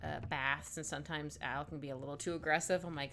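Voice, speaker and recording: A woman's voice: deep voice, fairly even intonation, fast talker, few pauses, fairly bright tone. A woman chatting casually on a live stream while she draws, reading chat aloud, laughing often and trailing off mid-thought.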